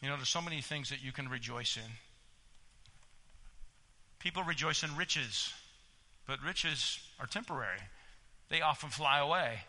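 A male pastor preaching a sermon in a church, exhorting his listeners and swinging between loud emphasis and hushed asides. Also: a little high, expressive, moderate pace, long pauses. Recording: long reverb of a church hall.

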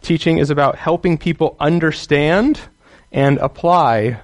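A man's voice: fairly high pitch, a little slow. A man teaching others how to preach and teach the Bible, earnest and emphatic, often checking in with the listener.

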